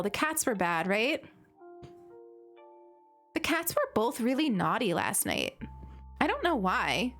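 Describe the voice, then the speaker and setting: A woman's voice: fairly high pitch, big pitch swings, measured pace, long pauses, a bit bright, faint music behind. A young woman streaming, chatting casually and giggling, with lots of filler words. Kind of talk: casual chat while gaming.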